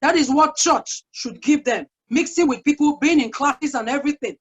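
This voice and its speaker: A woman's voice: sits high, moderate pace. A woman guest speaker giving an earnest, chatty parenting talk full of personal stories. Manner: earnest, chatty, sharing anecdotes. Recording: dull lo-fi sound.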